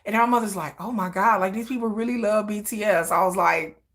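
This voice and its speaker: A woman hosting a livestream, chatting casually and telling animated personal stories, acting out quotes and laughing often. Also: mid-range voice, fairly quick. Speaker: livestream host. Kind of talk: casual chat.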